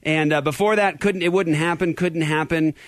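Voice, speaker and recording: A man's voice: on the high side, steady tone, normal speed, dry recording, studio quality. A man hosting a live call-in show, talking energetically and rambling with many restarts. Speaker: host. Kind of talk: casual live show chat.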